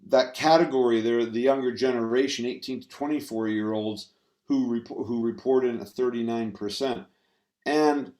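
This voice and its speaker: A man giving a talk on stress management to an audience, halting and full of fillers and restarts. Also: medium pitch. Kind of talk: presentation talk. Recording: roomy echo.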